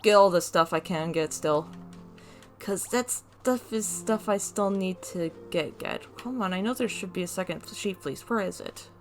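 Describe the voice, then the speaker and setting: A woman's voice: fairly low pitch, moderate pace, soft background music. A woman giving playful, giggly casual commentary while playing a video game. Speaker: let's play host.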